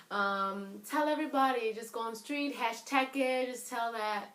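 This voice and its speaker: A young South African woman with a South African accent, telling a personal story in a chatty, animated vlog and often restarting her sentences. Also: on the high side, a little slow, reverberant. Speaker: vlogger.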